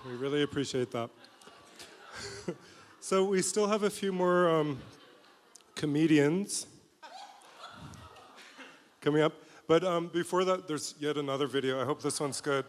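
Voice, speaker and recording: Chuckling roast host in a reverberant hall. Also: male voice, fairly high pitch, unhurried, long pauses. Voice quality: teasing, chuckling between lines. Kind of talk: live emcee banter. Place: live event venue. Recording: reverberant hall with faint noise.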